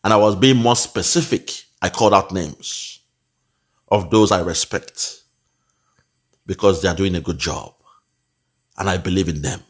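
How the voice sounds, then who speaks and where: A man's voice: sits low, unhurried, pauses often. A man with a Nigerian accent commenting on a video clip in a mocking, preachy way, slipping into pidgin.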